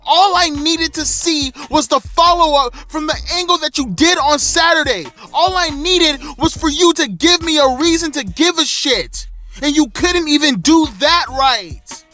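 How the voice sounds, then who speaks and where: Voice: high-pitched, measured pace, bright, forceful tone, soft background music. A wrestling vlogger in an angry, profane, exasperated rant, delivering heated commentary. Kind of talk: ranting commentary.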